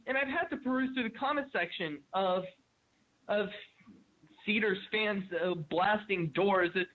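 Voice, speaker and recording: A man's voice: high voice, a little hiss or hum. Agitated male caller on a tinny phone line. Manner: agitated, profane, halting with many fillers. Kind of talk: ranting call-in comment.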